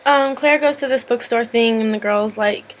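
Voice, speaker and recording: Chatty high-voiced woman recapping casually. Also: moderate pace, noisy background. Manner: chatty, full of "like" and "um", swears freely. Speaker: TV episode recapper.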